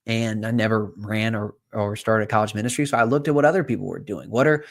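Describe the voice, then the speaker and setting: A man's voice: lowish voice, fairly even intonation, fast talker, creaky. A man from South Carolina in his thirties with a Southern country accent, talking casually to his audience and rambling through stories with plenty of fillers and restarts. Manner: rambling, full of fillers and self-corrections. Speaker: fund manager and podcast host. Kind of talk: casual talk to camera.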